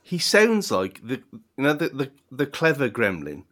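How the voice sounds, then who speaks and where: A man's voice: medium pitch, wildly swooping pitch, moderate pace, a bit bright. A man making dry, mumbled asides in a casual film chat.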